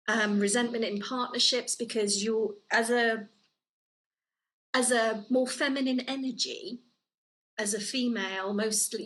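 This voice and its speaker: A woman's voice: medium pitch, a bit bright, poor audio. A woman co-hosting a podcast, talking in a casual, earnest way and giving advice, with many fillers and restarts. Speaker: podcast co-host. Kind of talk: casual conversational chat. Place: living in Italy.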